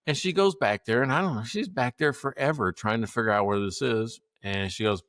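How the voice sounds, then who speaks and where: A man co-hosting a podcast, telling a story in a casual, animated way, acting out what people said and laughing often. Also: mid-range voice, fairly quick, dry recording, studio quality. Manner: animated, acts out quotes, laughs often, swears. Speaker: podcast co-host.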